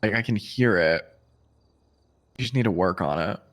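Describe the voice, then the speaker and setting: A man with a lowish voice chatting casually during a game session. He teases his friends bluntly and swears freely. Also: moderate pace, fairly bright tone. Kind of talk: casual chat.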